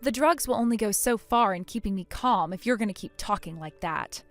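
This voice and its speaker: A woman's voice: medium pitch, expressive, a little fast, faint music behind, natural voice. A woman voicing an icy, furious injured bride. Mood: scornful. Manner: icy, scornful, firm. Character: furious injured young bride, cold and cutting. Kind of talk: text-message story voice acting.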